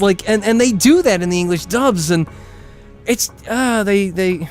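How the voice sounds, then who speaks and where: Man, gameplay streamer, rambling rant, lively up-and-down voice, slightly high, game music faint behind. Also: moderate pace. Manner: rambling, ranting, self-interrupting; laughs often, exaggerated complaints. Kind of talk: live gameplay commentary.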